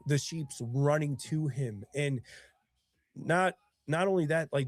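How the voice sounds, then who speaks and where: A sniffly man with bronchitis, rambling earnestly as he talks to his live-stream viewers. His voice sits at a middling pitch and sounds close and dry, with no room around it. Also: darkish tone, no echo. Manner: earnest, rambling, emotional storytelling. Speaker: singer-songwriter hosting his own live stream. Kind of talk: casual live-stream chat.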